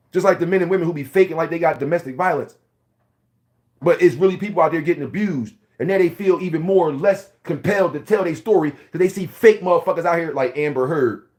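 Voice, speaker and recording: A man's voice: fairly high pitch, a little mellow. A man in his forties from Philadelphia, with a Philadelphia accent, ranting bluntly and profanely in a casual video monologue. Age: 40s. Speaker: vlogger.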